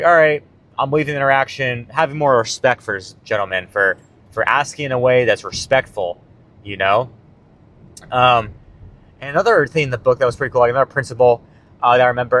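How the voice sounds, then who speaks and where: A man's voice: medium pitch, a bit bright. Laid-back, swearing man vlogger. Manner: profane, laid-back, peppered with "man" and "right?". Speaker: self-improvement vlogger and coach. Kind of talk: casual book talk to camera.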